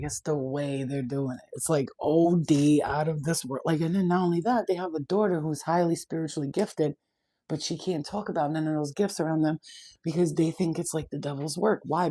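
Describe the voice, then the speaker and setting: A woman's voice: deep voice, mellow, husky, no echo. A woman, a spiritual reader, talking casually and bluntly to her viewers, swearing freely. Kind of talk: casual direct-to-camera chat.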